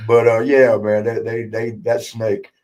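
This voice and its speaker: An older man spins backstage stories in loose, casual podcast talk. He laughs a lot and swears freely, and he acts out the people he quotes. His voice sits at a middle pitch. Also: flat delivery, unhurried, darkish tone. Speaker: podcast host, former wrestler. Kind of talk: casual storytelling chat.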